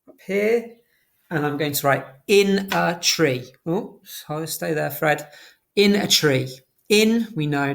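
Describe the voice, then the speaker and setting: A primary school teacher, teaching a phonics lesson to young children and slowly sounding out words letter by letter. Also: mid-range voice, gravelly.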